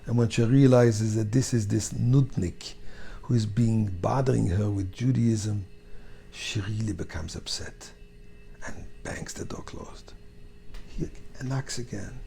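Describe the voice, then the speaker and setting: A rabbi tells a story from the pulpit, with a gravelly, dark voice. He acts out each part of the story, sinking to a near whisper and then surging into loud, impassioned pleading. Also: lowish voice, unhurried. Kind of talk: storytelling sermon.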